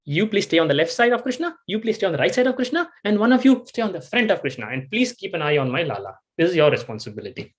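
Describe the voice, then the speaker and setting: A man's voice: sing-song, fast, few pauses. A man voicing a doting, anxious mother who keeps calling her son back, with a raised, fussing voice. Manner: fussing, pleading, high-pitched.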